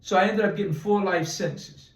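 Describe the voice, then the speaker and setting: A man's voice: high voice, brisk, roomy sound, far from the mic, low-quality recording. A man telling a long personal story in a casual interview, rambling with restarts and acting out quoted dialogue. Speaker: interview guest.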